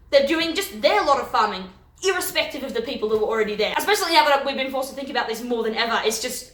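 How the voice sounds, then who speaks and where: A young woman reviewing books in a casual vlog, animated and gushing, often ranting and cutting herself off mid-sentence. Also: a little high. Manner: animated, gushing and ranting, quick self-interruptions. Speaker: book vlogger. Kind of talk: casual book review chat. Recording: echoey room.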